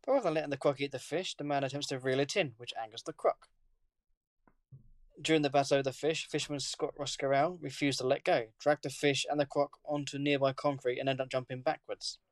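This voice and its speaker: A man, reading a news story aloud on a podcast in a plain, steady way. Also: mid-range voice, fast talker, no echo, clean studio sound. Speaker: podcast co-host.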